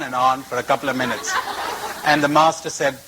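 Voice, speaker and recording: A man's voice: medium pitch, steady tone, fairly quick, pushed and bright, slight background noise, low-quality recording. A man giving a spiritual talk to a retreat audience, telling stories and repeating phrases for emphasis, recorded on old tape. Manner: storytelling with varied emphasis and repetition. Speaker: spiritual teacher.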